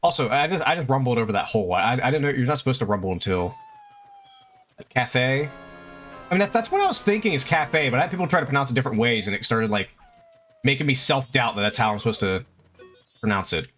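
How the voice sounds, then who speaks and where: Talking fast with lively intonation, this young male streamer chats away to his audience and the game while playing, swearing without restraint. His voice is medium in pitch with a fairly bright tone, and quiet game music can be heard behind him.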